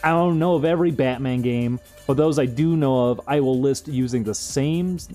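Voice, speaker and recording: A man's voice: mid-range voice, normal speed, warm tone, soft background music. A young man streaming, rambling through casual commentary with frequent amused laughs.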